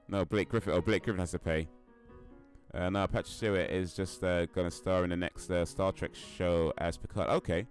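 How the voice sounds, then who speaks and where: A man's voice: low voice, steady tone, moderate pace, soft background music. A man streaming a game, chatting casually and rambling as he answers questions from chat.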